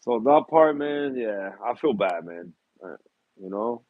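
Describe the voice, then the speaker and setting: A man's voice: mid-range voice, animated, a little slow, no room sound, narrow, tinny audio. Rambling casual reef-hobby vlogger man. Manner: rambling, apologetic, laughs often, many fillers. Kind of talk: casual chat.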